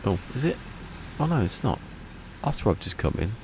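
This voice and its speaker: A man's voice: mid-range voice, sing-song, brisk. A man giving casual live gameplay commentary, chatty and muttering to himself as he plays, laughing often. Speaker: gameplay streamer. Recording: loud game noise behind.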